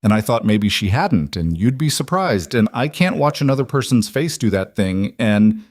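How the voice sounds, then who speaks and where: A man voicing a young woman on a date who is tearful and anxious, speaking in a small, choked, rushed way. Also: on the low side, animated, a little mellow, no room sound, studio quality, lightly acted.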